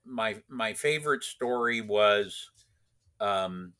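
A man tells a long anecdote in a casual, rambling way, circling back with restarts and fillers. He talks slowly, and his voice has a very bright tone. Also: fairly low pitch, animated. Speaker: racing driver instructor. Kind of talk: casual storytelling.

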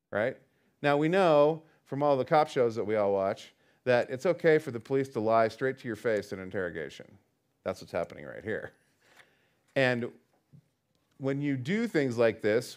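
A man's voice: mid-range voice, sing-song, moderate pace. Casual man teaching a Bible study. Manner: conversational, reads scripture then explains it with asides.

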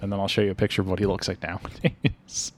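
A man's voice: low-pitched, level tone, quick pace, slightly rough. A young man chatting casually as a podcast co-host about a movie, rambling with many fillers and laughing often. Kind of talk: casual movie-review chat.

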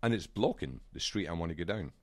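A man's voice: low voice, quick pace. A man co-hosting a podcast, telling a story in a casual chat and acting out the other people's voices. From United Kingdom. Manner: animated, acts out quoted voices. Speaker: podcast co-host. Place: small room at a desk.

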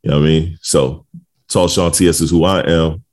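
A middle-aged man with a very deep, low voice co-hosts a podcast. He talks in a loose, rambling way, full of "um"s and "you know"s, and he laughs easily. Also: fairly even intonation, fairly quick, darkish tone. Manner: laid-back, rambling with many fillers and laughs. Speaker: podcast co-host. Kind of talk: casual chat.

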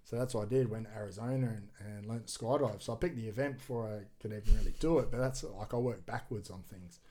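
A man, a podcast guest and extreme sports athlete, telling a story in a casual, animated way, acting out quoted voices and swearing freely. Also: lowish voice, fast.

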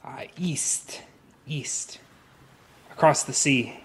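A man voicing a stiffly formal, pompous young mage in a tabletop game, lifting his pitch. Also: a little slow, sharp tone.

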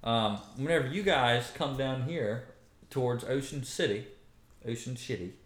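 A man from the Eastern Shore of Maryland co-hosting a podcast, telling stories in a casual, animated way and laughing often. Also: medium pitch, measured pace. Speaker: podcast co-host. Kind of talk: casual chat. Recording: roomy room echo.

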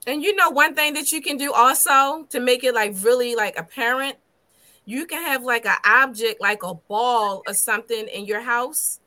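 A woman's voice: a little high, normal speed, pushed and bright. A woman co-hosting a casual talk show, offering encouraging practical advice. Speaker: podcast co-host. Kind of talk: casual chat.

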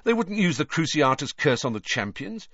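A man's voice: fairly high pitch, very animated, normal speed, a bit bright, dry recording, pitched above the performer's own voice, exaggerated voice. A wry teen prankster boy, mocking, audiobook, dry booth. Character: wisecracking teenage prankster twin boy. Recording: dry, slightly dull studio recording.

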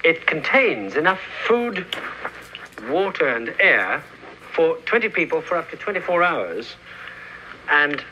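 A man giving a measured explanation as a guide in an archival documentary clip. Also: a little high, very animated, pushed and bright. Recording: muffled old archival clip with hiss.

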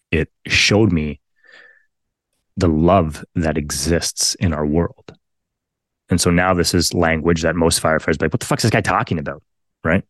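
Guest role: very low-voiced man in his thirties, frank and profane, dry studio sound. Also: dry recording. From Canada. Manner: blunt and profane, emphatic repetitions. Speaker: podcast guest, firefighter. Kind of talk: candid conversational storytelling.

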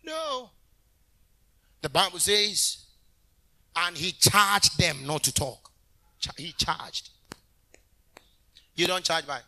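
A man minister preaching a sermon in an animated way, bursting into shouts and talking directly to the congregation. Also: a little high, takes it slowly, pauses often.

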